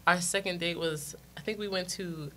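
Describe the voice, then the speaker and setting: A woman from Los Angeles, a guest on an interview show, telling a story casually and quoting others in a raised, animated voice. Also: on the low side, normal speed. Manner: animated, quotes people in a raised voice, laughs often.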